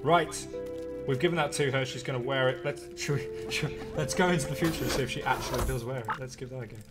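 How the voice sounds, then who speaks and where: Man, live gameplay commentary, excitable, talks to viewers, loud game music behind. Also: mid-range voice, normal speed. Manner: chatty, excitable, thinks aloud to viewers. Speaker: game streamer.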